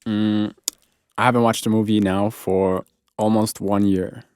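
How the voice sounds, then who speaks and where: Deeper-voiced man host, playful and curious, dry close sound. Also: flat delivery, unhurried, darkish tone, smooth, dry recording. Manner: curious, playful, asks lots of questions. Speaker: host, English teacher in Ukraine. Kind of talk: casual interview chat.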